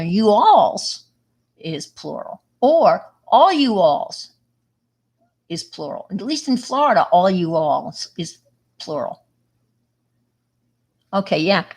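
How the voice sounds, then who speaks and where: Middle-aged woman, New York accent, slightly low voice, loose rambling livestream host. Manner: chatty, rambling, full of fillers and restarts. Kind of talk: casual chat with viewers.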